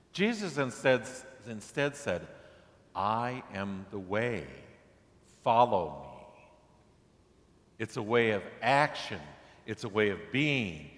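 A man's voice: medium pitch, a bit bright, long reverb tail. A man preaching a sermon in a conversational way, pushing his voice up for emphatic questions. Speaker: pastor.

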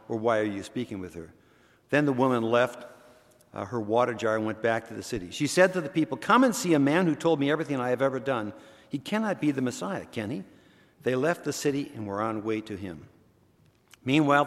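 Man reading the bible passage slow and careful, echoey church hall. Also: medium pitch. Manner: measured, slow emphatic reading. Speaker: scripture reader. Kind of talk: reading scripture aloud.

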